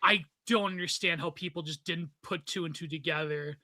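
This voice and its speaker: A man co-hosting a podcast in casual chat, talking quickly and loosely with many fillers. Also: fairly high pitch, fairly even intonation, pushed and bright, no echo. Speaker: podcast co-host.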